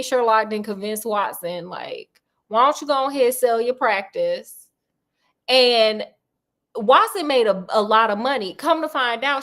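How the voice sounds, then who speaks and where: A woman's voice: a little high, fairly bright tone. A woman hosting a storytelling show, retelling a classic detective tale in a chatty, slangy, digressive way. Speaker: storytelling host.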